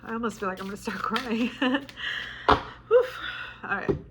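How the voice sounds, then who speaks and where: A woman's voice: medium pitch, steady tone, fast talker, heavy background noise. A woman giving a casual tarot reading to camera, chatty and emotional, her voice choked up with tears. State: tearful, choked up. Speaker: tarot reader.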